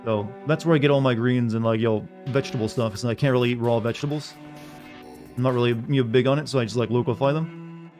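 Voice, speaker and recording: A man's voice: medium pitch, fast, a little mellow, soft background music. A young man streaming a video game, chatting casually with viewers in a rambling way, full of filler words. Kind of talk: casual gameplay chat with viewers.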